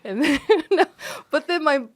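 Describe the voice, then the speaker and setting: A middle-aged woman tells stories as a podcast guest, animated and full of laughter. Her voice sits a little high, and she slips into the voices of the people she quotes. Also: unhurried. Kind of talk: animated storytelling chat.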